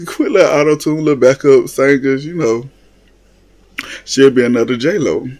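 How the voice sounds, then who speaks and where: A man's voice: medium pitch, normal speed, a little mellow. A man hosting a casual reality TV recap, blunt and mocking, often laughing as he talks. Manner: blunt, laughs often, mocks what he watched. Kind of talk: casual commentary.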